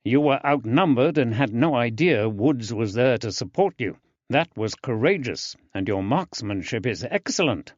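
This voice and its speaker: A male narrator voicing a composed, reassuring male investigator who speaks calmly and measuredly in an audiobook. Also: medium pitch, normal speed, no room sound, dull audio, natural voice.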